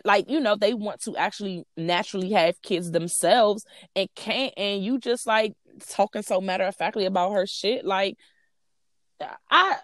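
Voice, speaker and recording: A woman in casual chat, animated and profane, acting out quoted lines and calling people "honey.". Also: on the low side, dry recording, studio quality. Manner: calls listener "honey" and "child".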